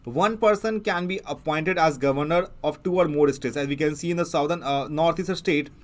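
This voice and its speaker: A man with an Indian English accent teaching an exam prep lesson, explaining as he goes and pausing often with fillers and restarts. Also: a little high. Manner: halting, many fillers and restarts. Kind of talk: newspaper analysis lecture.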